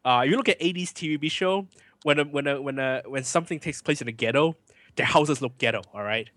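A man of middling pitch holds forth in relaxed podcast chat, opinionated and quick to rant. The recording is dry and close, with no room sound. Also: no echo. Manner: opinionated ranting, animated. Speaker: podcast co-host and film reviewer.

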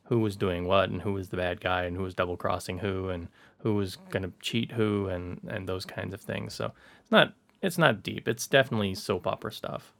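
A man hosts a podcast in a low, gravelly voice, easygoing and a little hesitant. He talks things through casually and trails off into fillers. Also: a little fast, a bit bright. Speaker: podcast host.

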